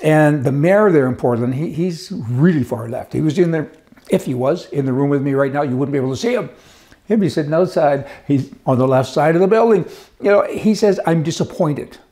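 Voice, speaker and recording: A middle-aged man delivers a casual political commentary monologue in a folksy, joking way. His voice sits a little high and sounds mellow and relaxed. He slips into mock voices with plenty of sarcasm. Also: fairly quick. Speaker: commentary host.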